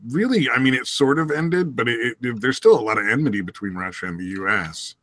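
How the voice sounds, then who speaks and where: A man in casual podcast chat, talking haltingly with many fillers and restarts. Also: medium pitch, fairly bright tone, no room sound. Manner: hesitant, halting talk with fillers. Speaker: podcast co-host.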